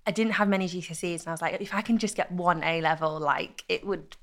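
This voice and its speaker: A young woman, telling stories in a casual interview with lively, laughing chat. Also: fairly low pitch, quick pace. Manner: chatty, animated storytelling with laughs. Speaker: guest, content creator.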